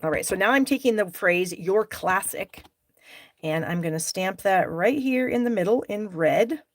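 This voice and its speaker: A woman's voice: mid-range voice, animated, moderate pace, dry recording. A middle-aged woman hosting a live stamping class, chatting with viewers by name and openly frustrated at her own mistakes. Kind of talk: live crafting demonstration.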